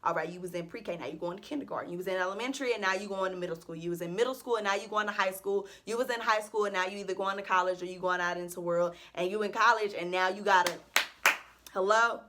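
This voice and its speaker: A woman's voice: mid-range voice, quick pace, fairly bright tone, a little hiss or hum. A woman in her early twenties, a college senior, venting earnestly and emotionally to her channel about faith and her future. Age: early 20s. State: close to tears at times. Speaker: vlogger. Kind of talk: casual heartfelt vent to camera.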